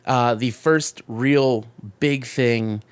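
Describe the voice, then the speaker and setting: A man co-hosting a casual chat, recapping a film with swearing, jokes and quick acted-out voices. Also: mid-range voice, steady tone, clear, resonant tone. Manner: profane, jokey, acts out quick voices mid-recap. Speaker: podcast co-host.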